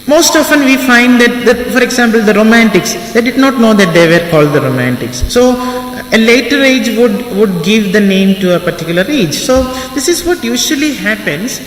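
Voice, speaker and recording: A man with a voice that sits high lectures a class on literary theory, repeating phrases and spelling out words for students. He sounds far off in an echoey hall, with faint ambience and slight background noise.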